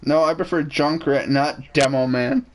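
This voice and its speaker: A man's voice: a little high, unhurried. A young man streaming a game, chatting crudely and joking while he works out weapon damage aloud. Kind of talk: casual gaming chat.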